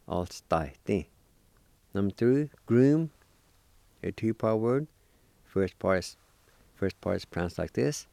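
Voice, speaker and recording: Slow, gravelly low-voiced man teaching. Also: lively intonation, mellow, no room sound. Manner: patient, encouraging, spells words out syllable by syllable. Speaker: language teacher. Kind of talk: slow recorded language lesson.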